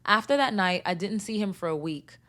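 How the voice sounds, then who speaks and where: A woman hosting a podcast who reads out a listener's story and breaks off into loud, animated reactions. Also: mid-range voice, brisk. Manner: animated, swings between reading and loud outbursts. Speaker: podcast host. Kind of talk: reading a listener submission and reacting.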